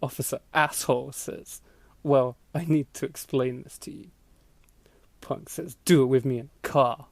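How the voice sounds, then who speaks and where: A man's voice: mid-range voice, fairly even intonation, normal speed, creaky, darkish tone, no echo. A man hosting a podcast, reading an old story aloud for laughs, breaking into laughter and acting out the lines. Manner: laughing through a mocking read, acting out voices. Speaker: podcast host. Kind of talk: comedic dramatic reading of an old blog post.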